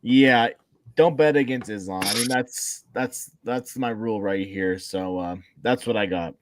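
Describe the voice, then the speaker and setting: A man's voice: fairly low pitch, a little slow, noisy background. A man co-hosting a casual sports podcast, giving his picks in a laid-back, joking way. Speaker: podcast co-host.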